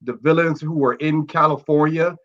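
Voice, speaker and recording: A man co-hosting a casual comic book podcast, speaking in a relaxed, measured way. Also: a little high, highs cut off. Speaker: podcast co-host.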